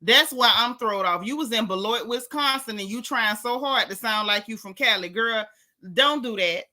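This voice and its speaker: Florida lady on a livestream reading chat, sassy n blunt, kinda high voice. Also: normal speed, pushed and bright. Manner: sassy, blunt, repeats her punchlines. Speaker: live-stream host. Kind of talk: live-stream commentary reading chat.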